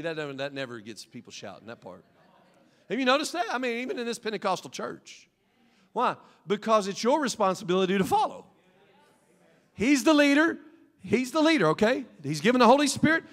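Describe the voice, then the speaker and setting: A middle-aged man, the pastor, preaching a Pentecostal sermon in a folksy, animated way with homely asides. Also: extremely high pitch, moderate pace. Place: church sanctuary. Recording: long hall reverb.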